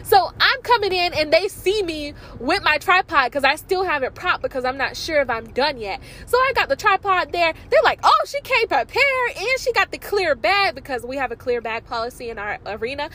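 High-voiced, chatty young woman vlogger. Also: a little fast, hardly any pauses, poor audio. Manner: chatty, filler-heavy, excitable. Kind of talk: casual vlog storytelling.

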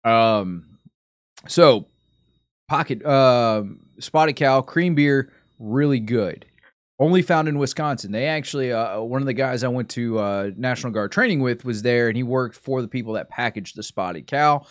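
A man's voice: mid-range voice, measured pace, no echo, studio quality. A man streaming a casual chat, rambling and often sidetracked, interrupting himself as he talks.

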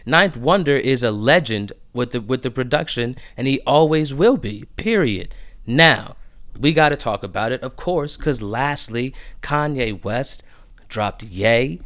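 A man hosting a podcast, gushing about new music in casual chat, stumbling over restarts in his excitement. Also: mid-range voice, a little slow. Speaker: podcast host.

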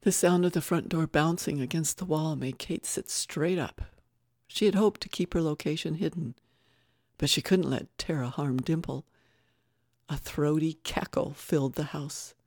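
A woman reads a novel aloud in a measured, even narration. The sound is close and dry with no room around it. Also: low voice, dry recording. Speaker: audiobook narrator. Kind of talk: scripted narration.

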